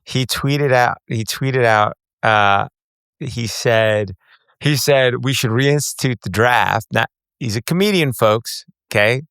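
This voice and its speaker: Podcast host: middle-aged man, wry and conversational, mid-pitched smooth voice, dry sound. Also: takes it slowly, fairly bright tone, no room sound. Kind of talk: casual interview chat.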